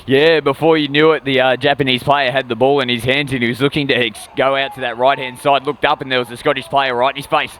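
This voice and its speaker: Man, color commentator, analytical, measured, mid-range pitch, faint outdoor hum. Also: little pitch movement, fairly bright tone. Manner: measured, analytical breakdown of plays. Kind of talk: live sports commentary. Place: outdoor sports venue.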